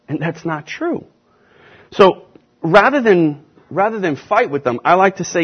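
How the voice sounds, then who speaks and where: A man teaches scripture in an emphatic sermon style, leaning hard on key words and slowing down to hammer them home. His voice is husky and sits a little high for a man. The recording sounds dull and lo-fi. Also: lively intonation. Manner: emphatic, stresses key words with slow deliberate repetition. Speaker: pastor teaching a class.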